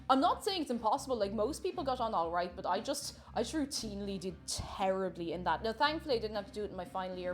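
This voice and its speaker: A woman with an Irish accent chatting casually with viewers while she cooks on a live stream. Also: mid-range voice. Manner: chatty, reads chat aloud and answers viewers.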